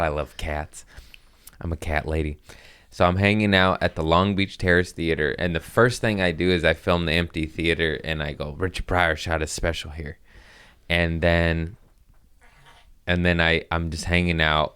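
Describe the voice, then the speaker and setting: On his own podcast, a comedian in his thirties tells a loose, rambling story as a casual monologue, pausing to laugh and talk to his cats. His very low voice is smooth and clear, with a bit of brightness.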